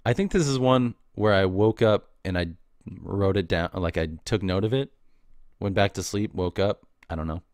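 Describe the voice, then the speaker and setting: A man's voice: low-pitched, moderate pace, a little mellow, no room sound, clean studio sound. A man hosting a podcast, telling loose, meandering stories in casual slang and often laughing at himself. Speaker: podcast host. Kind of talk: casual rambling monologue.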